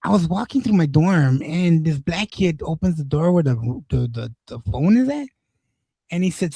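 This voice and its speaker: A man in his forties chats casually on a stream, rambling and swearing through stories. His voice sits a little high but sounds mellow and dark. The close mic leaves the sound dry. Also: lively intonation, unhurried, vocal fry, dry recording, poor audio. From East Los Angeles. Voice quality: profane, rambling, many restarts. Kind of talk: casual storytelling chat.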